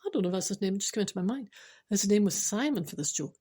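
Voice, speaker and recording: A woman's voice: mid-range voice, lively intonation, rapid-fire, dark tone, husky. A Scottish woman telling a story casually to an audience, chatty with rambling asides and laughs at herself. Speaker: storyteller host.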